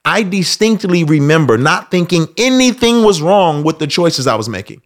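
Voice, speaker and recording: Male host, casual monologue, animated, swings his pitch widely, breaks into loud acted-out quotes. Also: moderate pace. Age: adult. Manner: animated, acts out quoted voices with loud outbursts.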